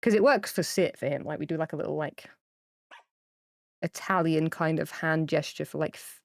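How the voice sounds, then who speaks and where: A woman live-streams a game with her camera off, chatting casually and ramblingly to viewers with lots of fillers and gushing tearfully over cute pets. Her voice sits low with vocal fry at a normal speed. Her streaming mic gives a clean studio sound with no room sound.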